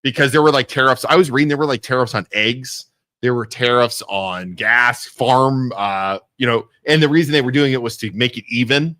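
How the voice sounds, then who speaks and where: A man's voice: medium pitch, moderate pace, bright, forceful tone, no room sound. Rambling talk-show man, dry sound. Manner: rambling, leads the topics, says "like" a lot. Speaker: co-host. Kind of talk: casual talk-show banter. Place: podcast studio.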